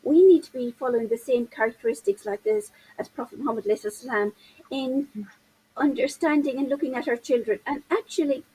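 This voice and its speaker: A parenting coach in her fifties explains things animatedly in an interview, gesturing with her hands as she talks. Her high voice is fairly quick, dark-toned and a bit breathy, and the audio is poor.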